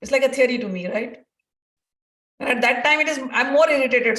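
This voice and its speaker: A woman's voice: high-pitched, a little fast, fairly bright tone. A woman giving an earnest devotional teaching talk, telling personal stories and repeating phrases for emphasis. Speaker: spiritual teacher. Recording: roomy distant mic.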